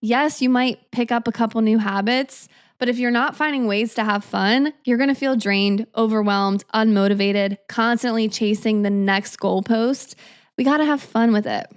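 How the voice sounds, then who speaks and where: Young woman, twenties, slightly high voice, upbeat, chatty, casual podcast monologue. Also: moderate pace, clean tone. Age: 20s. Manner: upbeat, chatty, lots of "like" fillers. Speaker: podcast host.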